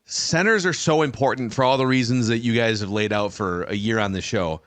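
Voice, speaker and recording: Guy hosting a podcast, normal pitch, asks long curious questions. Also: brisk, fairly bright tone, no room sound. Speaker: podcast host. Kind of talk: casual chat.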